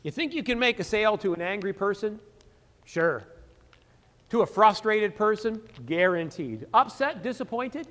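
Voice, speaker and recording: Animated male sales trainer in a hall. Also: high-pitched. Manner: animated, rhetorical questions and answering himself. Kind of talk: seminar lecture.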